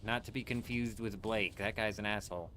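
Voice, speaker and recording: A man's voice: on the low side, fairly even intonation, fairly quick, bright, forceful tone, a little hiss or hum. A man streaming a game live, chatting casually and rambling with his viewers, dropping swear words as he goes. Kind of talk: casual livestream chat while gaming.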